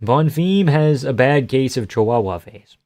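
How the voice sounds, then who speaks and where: Young man, from the Boston area, live streamer, casual chat, crude jokes, mid-pitched voice, dry close sound. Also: animated, measured pace, dark tone, dry recording. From Boston area, USA. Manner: joking, profane, laughs often.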